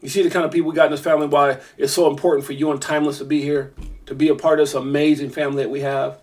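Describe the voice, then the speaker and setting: New male host, higher register, casual rambling livestream chat, warm and effusive, heavy on fillers. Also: flat delivery, very fast. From Brooklyn, New York. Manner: effusive, grateful, rambling with many fillers and restarts. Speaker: crypto channel host. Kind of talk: casual livestream chat with viewer shout-outs.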